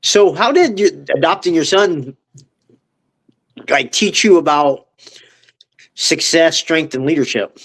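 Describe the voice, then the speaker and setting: Male podcast host, fairly high voice, lively pitch, slow questions. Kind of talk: interview questions.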